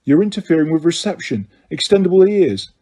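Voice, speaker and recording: A man's voice: on the high side, big pitch swings, fairly quick, mellow, voice pushed up. A man voicing a playful young wizard who talks in teasing jokes.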